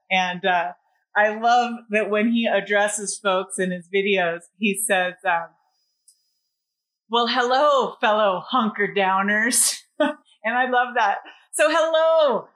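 A woman's voice: medium pitch, bright, forceful tone. A woman hosting a casual livestream from home, bubbly and chatty, greeting viewers as they join. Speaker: livestream host.

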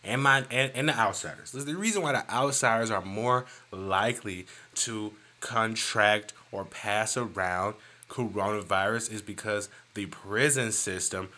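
A man hosting a casual solo podcast, ranting in an animated, profane, joking way. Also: lowish voice, unhurried. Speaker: podcast host.

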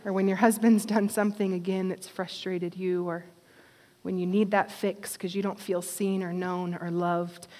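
A woman preaching a sermon with passion, swinging from fervent exhortation to quiet, intimate appeals. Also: fairly low pitch, level tone, moderate pace. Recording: long hall reverb.

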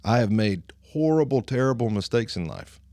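A podcast host in his late thirties from Alabama, with a Southern twang, gives an earnest, slow motivational monologue, pausing for emphasis. His mid-range voice is sing-song and mellow, in clean studio sound with no echo.

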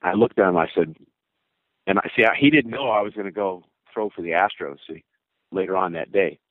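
A man's voice: low-pitched, a little fast, dry recording. Older man telling a story over a tinny line. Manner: rambling, with restarts and acted quotes of others. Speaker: former baseball pitcher. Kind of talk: casual spoken storytelling. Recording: narrow phone-like dry sound.

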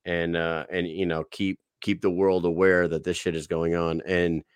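Podcast host, male, lowish voice, swears freely, animated storyteller, dry close recording. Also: normal speed, clear, resonant tone, dry recording. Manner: profane, excitable storytelling. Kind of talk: casual storytelling chat.

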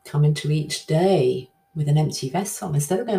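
A middle-aged woman hosting her own podcast, chatting casually and reflectively with lively swings in her voice. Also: moderate pace, creaky, hardly any pauses. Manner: chatty, self-reflective, animated swings in pitch. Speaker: podcast host. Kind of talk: casual solo podcast talk.

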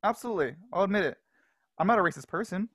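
Male podcast guest, animated storyteller, laughs often, dry close sound. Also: sits high, rapid-fire, slightly rough, no room sound. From Los Angeles. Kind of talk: casual storytelling.

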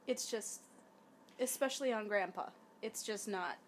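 A woman's voice: medium pitch, a little slow, slight background noise. A woman chatting casually while watching a film, making wry, critical and teasing remarks. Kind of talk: casual watch-along commentary.

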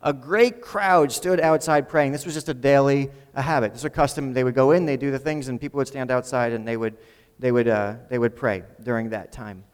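A man's voice: mid-range voice, fairly even intonation, brisk, clear, resonant tone. Conversational male pastor in a reverberant hall. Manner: conversational, repeats words when building a point. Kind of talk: sermon.

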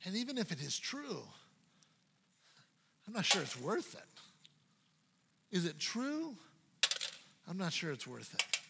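A pastor voicing Peter as an anxious man quietly questioning himself. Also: sits high, very animated, slow, gravelly, pauses often, big-room sound, heavy background noise, heavily acted. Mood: unsure. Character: doubting anxious fisherman Peter, adult man.

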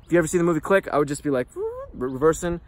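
Profane, animated man telling a story. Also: fairly high pitch, racing. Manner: profane, animated, rambling with restarts. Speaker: vlogger. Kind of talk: candid personal storytelling.

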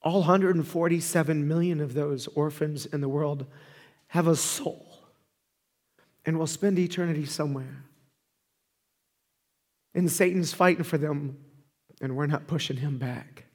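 Male preacher, high voice, animated storyteller swinging loud to hushed; reverberant hall sound. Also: unhurried, pauses often. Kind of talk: sermon.

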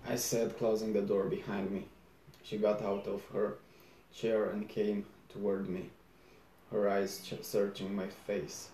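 A man reading a novel aloud in first person, low-key and unhurried, with small slips and restarts. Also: flat delivery, dark tone, a little hiss or hum. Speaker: audiobook reader. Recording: roomy echo.

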